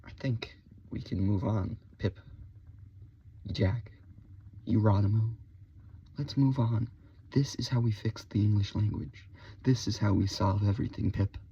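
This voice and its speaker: Low gravelly male voice, very husky and dark, comic ranter, dull lo-fi sound. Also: unhurried, long pauses. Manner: mock-serious, swings between whispered and loud; spells out words letter by letter. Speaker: video creator. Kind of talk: comedic rant to camera. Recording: dull lo-fi recording.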